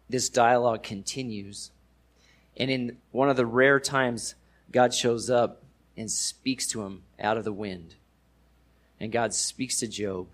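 A man preaching a sermon in a casual, conversational way, using everyday slang and rising with emphasis on key points. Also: medium pitch. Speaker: pastor.

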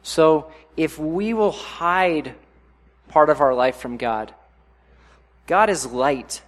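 A young adult man preaching a sermon in a conversational way, often acting out inner voices in sudden louder bursts. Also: on the high side, takes it slowly. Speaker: pastor.

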